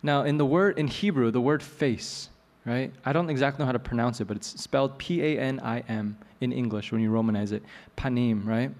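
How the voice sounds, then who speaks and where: A man preaching a sermon as a pastor, telling a story in a relaxed, joking way. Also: medium pitch, fairly quick, few pauses. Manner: conversational, joking asides. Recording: long hall reverb, soft music.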